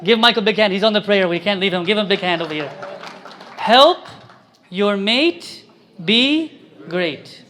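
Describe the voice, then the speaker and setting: A man's voice: sits high, fairly even intonation, racing, hardly any pauses, sharp tone. A man preaching a sermon as a priest, quizzing his congregation and pressing his points with emphasis.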